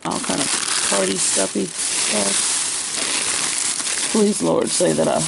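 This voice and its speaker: A woman's voice: on the low side, steady tone, takes it slowly, vocal fry, very noisy. A woman chatting casually to her viewers as she rummages through her sewing room, laughing often and talking to herself. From United States. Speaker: crafter and vlogger.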